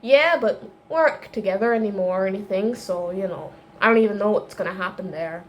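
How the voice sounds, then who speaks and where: A woman's voice: mid-range voice, fairly quick, lo-fi sound, a little hiss or hum, voice pushed down, close to an everyday voice. A woman voicing an evasive, laid-back young man with an Irish accent she puts on. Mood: shrugging. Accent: Irish, put on.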